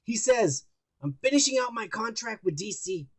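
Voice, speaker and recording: Podcast co-host, male, higher voice, swears a lot, rambles through news items in loose banter. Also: expressive, normal speed, slightly rough, no room sound. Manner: profane, rambling, mocking news reading. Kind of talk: casual crude banter.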